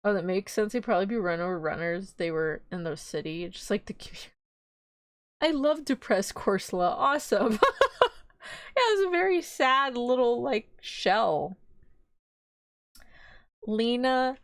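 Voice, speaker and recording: A woman's voice: medium pitch, animated, normal speed, dry recording. A young woman, chatting and giggling casually on a live stream. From Texas. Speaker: VTuber streamer.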